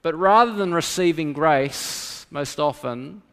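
A man's voice: fairly high pitch, animated, slow, clean tone. Man preaching in a reverberant hall. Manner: dramatic swings between loud emphasis and hushed quiet. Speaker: pastor. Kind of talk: sermon. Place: church. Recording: long reverb of a church hall.

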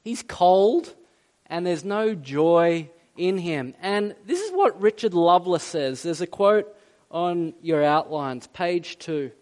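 A man's voice: high voice, expressive, slow, darkish tone. A man preaching a sermon in a conversational, emphatic way, with asides and a little self-deprecating humor. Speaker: pastor.

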